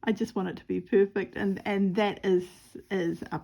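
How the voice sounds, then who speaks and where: A woman's voice: mid-range voice, steady tone, moderate pace, gravelly, warm tone. A woman with a New Zealand accent chatting casually and rambling while she stitches, with self-mocking humour. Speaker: craft vlogger.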